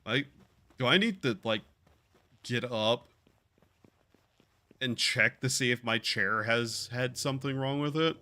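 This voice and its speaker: A man's voice: medium pitch, measured pace, long pauses, sharp tone. A man streaming a game, talking in a drawling, meandering way with sighs and casual swearing. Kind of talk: casual gaming stream chat.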